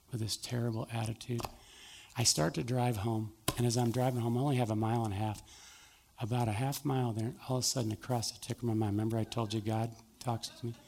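A man's voice: mid-range voice, moderate pace, gravelly, darkish tone, a little hiss or hum. A middle-aged male pastor preaching a sermon, telling a personal story and acting out both sides of the conversation.

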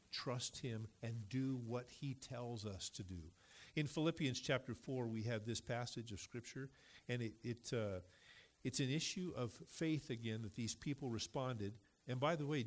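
A middle-aged man, a pastor, preaching a sermon in a loose, conversational way and reading Scripture aloud. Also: medium pitch.

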